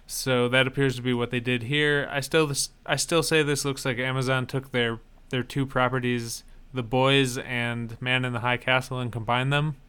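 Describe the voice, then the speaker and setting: A man's voice: mid-range voice, flat delivery, normal speed, few pauses, pushed and bright, smooth. A man co-hosting a podcast, giving dry, matter-of-fact opinions on upcoming shows. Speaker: podcast co-host. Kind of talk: casual trailer-review chat.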